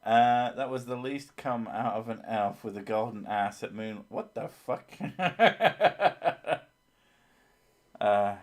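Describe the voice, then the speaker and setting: A man's voice: mid-range voice, lively intonation, slow pace, long pauses. A man hosting a casual live stream, chatting crudely with lots of swearing and laughter. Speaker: streamer, host of a horror story channel.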